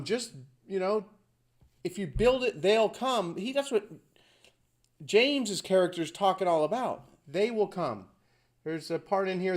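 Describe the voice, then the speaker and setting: A man's voice: sits high, measured pace. A man hosting his own video, talking casually in a rambling, conversational way full of asides. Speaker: video host. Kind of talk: casual commentary to camera.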